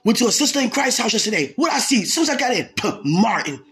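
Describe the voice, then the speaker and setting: A woman delivering an impassioned sermon. Her voice is very breathy and husky, and she keeps repeating lines and rising into shouts. Soft music plays faintly behind her. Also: fairly high pitch, very animated, fast talker. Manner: fervent, repetitive, bursts into shouting. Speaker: preacher.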